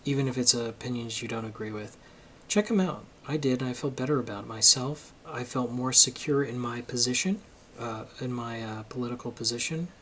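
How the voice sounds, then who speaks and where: A man at a middle pitch delivers a casual opinion monologue for his channel. He argues emphatically and gets worked up, and a faint background noise sits under his voice. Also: fairly quick, few pauses, fairly bright tone. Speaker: political commentary vlogger.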